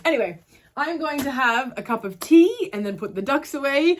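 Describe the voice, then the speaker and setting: A young woman vlogger chats casually to camera at home indoors, rambling and losing her train of thought, with an Australian accent that drifts toward Irish. Her voice is high-pitched and expressive at a moderate pace, with a little hiss or hum in the audio.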